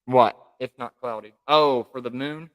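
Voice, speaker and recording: A man with a smooth, resonant voice at an ordinary pitch, chatting casually on a live stream from home. He talks in a relaxed, rambling way, often circling back and trailing off. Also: moderate pace. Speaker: livestream co-host.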